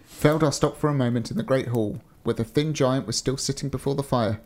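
A man's voice: mid-range voice, fairly quick, a little mellow. A man reading a story aloud in an easygoing manner, chatting between passages. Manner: easygoing, laughs often. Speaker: storyteller and co-host.

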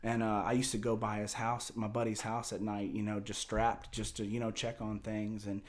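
A man telling a wild story in casual talk, rambling and profane with lots of fillers and restarts. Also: moderate pace. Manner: drops low and quiet for tense parts, gets loud and high for excited quotes. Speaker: storyteller guest.

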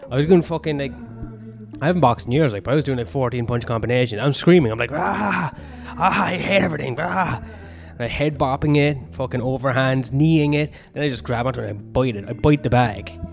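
A man's voice: mid-range voice, fast talker, a little mellow, faint music behind. A young man hosting a podcast alone, rambling and swearing in a self-mocking way. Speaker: podcast host and comedian. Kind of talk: solo rambling podcast monologue.

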